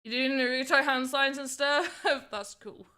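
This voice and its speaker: A woman's voice: high-pitched, steady tone, unhurried, bright, forceful tone. A young woman chatting casually and rambling on a livestream while she works on voxel art. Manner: chatty, rambling, frequent "like" fillers. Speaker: streamer.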